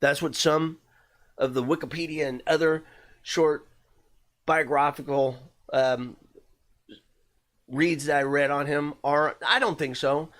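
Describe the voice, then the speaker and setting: A man's voice: a little high, steady tone, takes it slowly, long pauses, fairly bright tone. A man hosting a podcast, telling a true-crime story in a loose, conversational way, with lots of fillers and the odd curse word.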